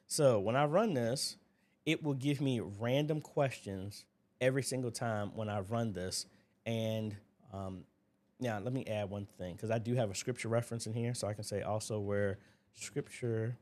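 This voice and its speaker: A man hosting a relaxed livestream from his desk, calling out viewers by name with quick friendly hellos. He slides into walking through a database demo at a loose, conversational pace, with plenty of fillers along the way. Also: fairly low pitch. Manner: greets viewers by name, talks through on-screen tech demo. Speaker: livestream host. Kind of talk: casual livestream chat.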